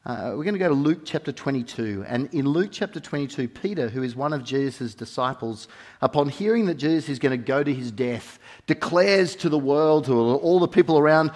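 A man with a fairly high pitch preaches an animated sermon at normal speed. He swings between soft, intimate moments and loud, emphatic ones, repeating key phrases for weight.

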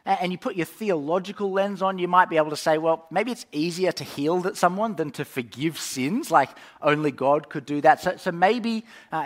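A man preaching a sermon, telling the story in an animated way with frequent fillers and restarts. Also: high voice, moderate pace.

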